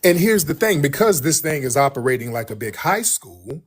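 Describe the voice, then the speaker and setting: Husky-voiced man, blunt livestream host. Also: a little high, very animated, moderate pace. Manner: blunt, mocking, repetitive. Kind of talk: casual livestream talk.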